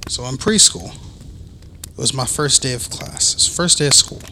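A man hosting a casual podcast, telling a story with lively acted-out voices. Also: medium pitch, normal speed, slight background noise. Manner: animated storyteller, acts out voices. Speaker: podcast host.

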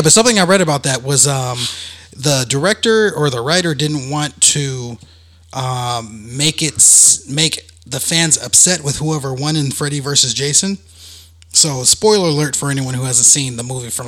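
A man hosting a casual podcast, telling a story with lively acted-out voices. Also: mid-range voice. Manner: animated storyteller, acts out voices. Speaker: podcast host.

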